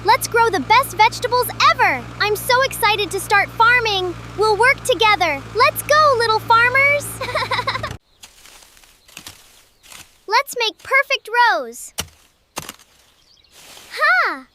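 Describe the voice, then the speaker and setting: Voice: extremely high pitch, lively intonation, takes it slowly, pauses often, background noise, exaggerated voice. A performer voicing cheerful tiny cartoon chicks on a farm, bubbly and exclaiming every line. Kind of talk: children's cartoon voice acting. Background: children's music.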